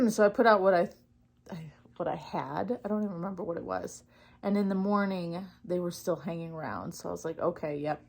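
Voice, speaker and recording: A woman's voice: lowish voice, sing-song, a little fast, vocal fry, a little mellow. A young woman chatting casually in her crafting vlog, rambling with lots of fillers and getting easily distracted. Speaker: knitting vlogger. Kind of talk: casual chat.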